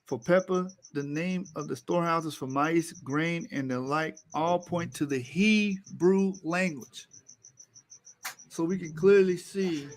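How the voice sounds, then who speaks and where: Guy walking through slides lecture style, gets louder and higher when he hammers a point, repeats words a lot. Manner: emphatic, repeats key words, rises in pitch when driving a point home. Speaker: co-host presenting slides.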